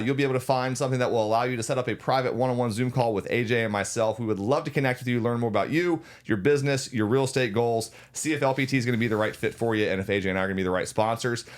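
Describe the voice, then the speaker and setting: A man co-hosting a show, wrapping up with friendly, steady remarks to viewers. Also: medium pitch, very fast, few pauses. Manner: friendly, steady, uses filler "uh". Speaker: co-host.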